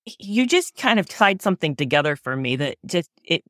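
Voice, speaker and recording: A woman's voice: fairly low pitch, big pitch swings, brisk, a bit bright, no echo, clean studio sound. A woman in a reflective conversation, talking in an earnest, searching way and often correcting herself mid-sentence.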